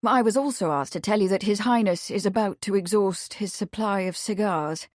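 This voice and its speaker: A woman voicing a kindly, measured Victorian gentleman investigator. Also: mid-range voice, no room sound, studio quality, natural voice.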